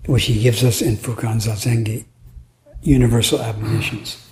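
A man's voice: mid-range voice, fairly even intonation, moderate pace, darkish tone. A man giving a Zen dharma talk at a retreat, musing aloud in a playful way and laughing now and then. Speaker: Zen teacher. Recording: echoey room, faint noise.

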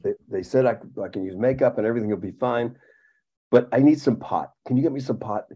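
A man quietly imitating an ailing older man who haltingly asks him for a favor. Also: medium pitch, slightly rough, muffled recording, natural voice. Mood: pleading.

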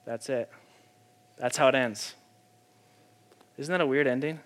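A male pastor preaching in a loose, conversational way, full of fillers and asides. His voice sits in an ordinary middle pitch. Every so often he punches a point hard and loud before dropping back to a calmer tone. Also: measured pace. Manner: casual, filler-heavy preaching with sudden emphatic bursts. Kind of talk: conversational sermon.

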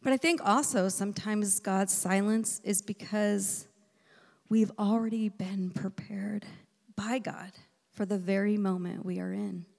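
Woman preaching in a hall with gravelly edges. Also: mid-range voice, steady tone, unhurried. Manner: emotional, shifting between loud emphasis and hushed near-whispers. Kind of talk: sermon with personal story. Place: church sanctuary. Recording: echoey hall reverb.

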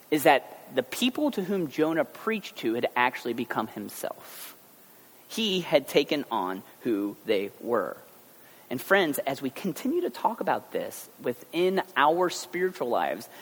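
Lively, joking preacher man with hall echo. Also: a little high, husky. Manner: animated, joking asides. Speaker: pastor. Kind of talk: conversational sermon. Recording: long hall reverb.

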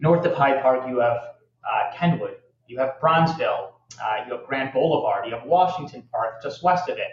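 A man answering interview questions in a relaxed, halting way, leaning on fillers and restarting his sentences. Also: medium pitch, a little hiss or hum. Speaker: real estate guest. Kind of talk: casual podcast interview. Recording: echoey, slightly dull audio.

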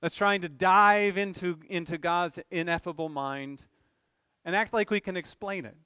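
High, smooth-voiced male preacher. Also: normal speed, pushed and bright, no room sound. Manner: earnest preaching with rhetorical questions and emphatic swells. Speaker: pastor. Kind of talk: sermon.

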